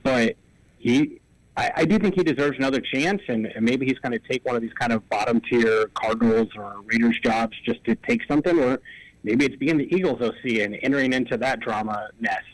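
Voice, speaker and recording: A man co-hosting sports radio, talking fast and analytical as he piles up examples. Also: medium pitch, no echo, poor audio. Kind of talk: casual sports talk. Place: radio studio.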